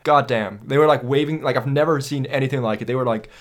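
A young Danish man with a Danish accent, co-hosting a film podcast and telling stories in a casual, animated way with casual swearing. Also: medium pitch, fast. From Denmark. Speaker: podcast co-host. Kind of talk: casual film review chat.

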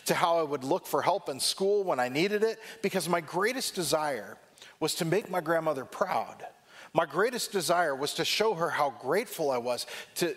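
A man's voice: fairly high pitch, a bit bright. Emphatic man preaching a sermon. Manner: reflective, emphatic, slows on key lines.

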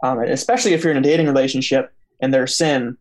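A man's voice: medium pitch, fairly even intonation, fast. A young man hosting a faith podcast in casual chat, telling a story with many fillers and restarts. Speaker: podcast host.

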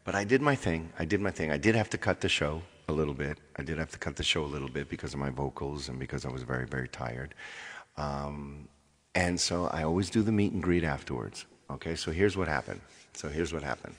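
A man's voice: very deep voice, expressive, brisk, husky, long reverb tail. A man, a touring performer, telling his followers a rambling story in casual chat, repeating himself and checking in with "okay". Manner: rambling, repeats phrases, says okay often. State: tired. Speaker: touring performer addressing fans.

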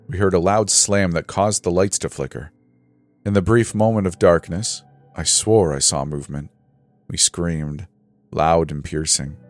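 A man narrating a first-person scary story in a steady, measured, suspenseful way. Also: deep voice.

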